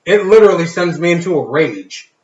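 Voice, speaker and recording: A man's voice: on the high side, expressive, fairly quick, a little mellow. A man swearing through candid stories. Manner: candid storytelling, lots of swearing and restarts. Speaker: podcast co-host. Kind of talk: casual podcast chat. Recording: echoey room, dull lo-fi sound.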